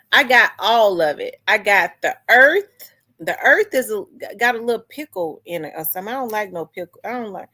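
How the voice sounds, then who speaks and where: Woman host, casual rambling livestream chat, mid pitch. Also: bright, forceful tone. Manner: chatty, restarts and talks back to chat comments. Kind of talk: casual chat with live viewers.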